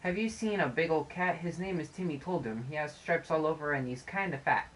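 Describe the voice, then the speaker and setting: A woman's voice: low-pitched, brisk, noisy background, lightly acted. A woman voicing an earnest young boy. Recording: game music playing under the voice.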